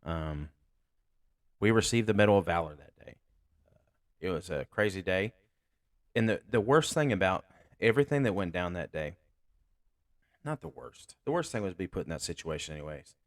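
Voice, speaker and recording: A deep-voiced man, a deputy hosting his own show, recounts a call in casual, candid speech laced with profanity. The sound is dry and close, with no room around it. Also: animated, moderate pace, pauses often, no echo. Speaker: sheriff's deputy and podcast host. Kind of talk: casual storytelling.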